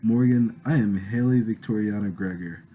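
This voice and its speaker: A man's voice: lowish voice, normal speed, dark tone, a little hiss or hum, natural voice. A man reading a pushy, rich young woman's coaxing lines in his own plain voice, without doing a voice. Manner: coaxing, insistent.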